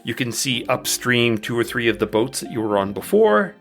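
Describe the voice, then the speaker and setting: A man narrating a tabletop game as dungeon master, in slow, descriptive turns. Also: mid-range voice, big pitch swings, creaky, fairly bright tone.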